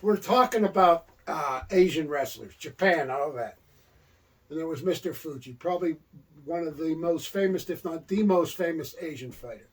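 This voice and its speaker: A man's voice: on the high side, expressive, moderate pace, breathy edge, recorded from a distance, poor audio. An older man co-hosting a casual chat, telling rambling stories. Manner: rambling storyteller. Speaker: co-host.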